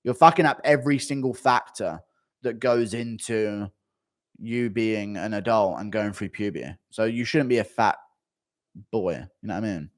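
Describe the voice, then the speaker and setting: A man's voice: lowish voice, moderate pace. Male streamer, casual and crude, swears a lot, laughs often. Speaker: streamer reading donations. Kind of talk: casual livestream chat.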